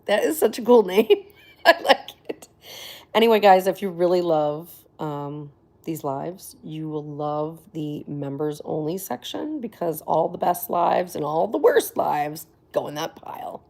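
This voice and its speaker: Chatty woman livestreamer with low pitch. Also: measured pace, gravelly, dark tone. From Florida. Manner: chatty, laughs often, drops to near whispers. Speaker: livestream host. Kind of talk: casual livestream chat with viewers.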